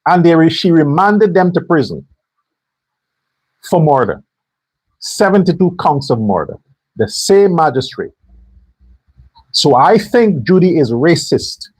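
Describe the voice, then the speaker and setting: A man's voice: on the high side, big pitch swings, unhurried, long pauses, darkish tone, breathy edge, no echo, rough recording. A man delivering an angry, profane political commentary rant as a show host. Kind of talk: heated political commentary monologue.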